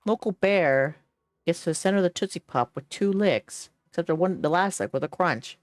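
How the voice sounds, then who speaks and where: A woman's voice: fairly low pitch, expressive, normal speed, no room sound, clean studio sound. A woman streaming a game, chatty and giggly, reading the dialogue aloud as she plays, with hiccups. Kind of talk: casual game stream commentary.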